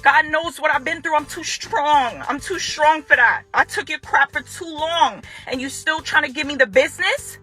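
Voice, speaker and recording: A woman's voice: high-pitched, normal speed, few pauses, sharp tone, faint music behind. A woman making an angry direct-to-camera statement to her ex-husband, confrontational and repeating phrases for emphasis. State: furious. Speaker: ex-wife speaking out.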